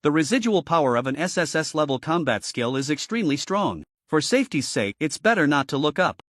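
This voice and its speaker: A man's voice: on the high side, big pitch swings, a little fast, a bit bright, no echo, clean studio sound. A man voicing a stern, cautious male instructor. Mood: cautioning.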